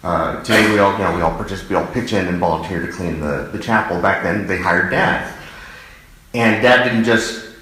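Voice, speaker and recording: Halting man recalling his father, echoey hall. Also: low voice, pushed and bright. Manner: halting and fond, many fillers and restarts. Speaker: son giving a eulogy. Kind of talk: personal reminiscence.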